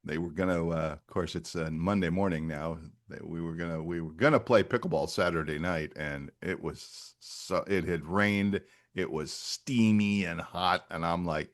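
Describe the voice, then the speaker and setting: A man's voice: low voice, normal speed. A male podcast co-host in casual chat, chatty, laughing often and trailing off mid-sentence.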